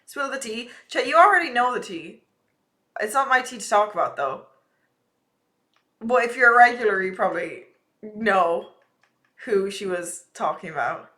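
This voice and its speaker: A woman's voice: medium pitch, lively intonation, moderate pace, long pauses, pushed and bright. A young woman streaming live, chatting casually and ranting with a lot of swearing.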